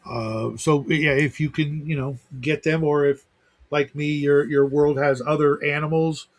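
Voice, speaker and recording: A man's voice: fairly high pitch, steady tone, unhurried. A middle-aged man hosting a livestream talk show in casual chat, rambling with lots of fillers. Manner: rambling, heavy use of fillers.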